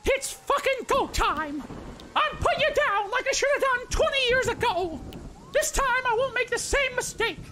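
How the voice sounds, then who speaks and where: A man voicing a vulgar, cocky male cartoon mouse in a squeaky falsetto, trash-talking through a comedic game role-play. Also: lively intonation, normal speed, sharp tone, full character voice. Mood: taunting. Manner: brash, trash-talking, mock-dramatic.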